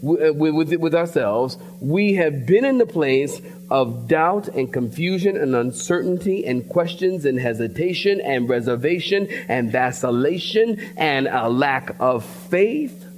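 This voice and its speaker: A pastor from the preaching a sermon in church, telling a story in a lively way and calling out to his congregation. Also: on the high side, unhurried, few pauses, a little hiss or hum. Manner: storytelling preacher, animated, addresses congregation directly. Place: church sanctuary.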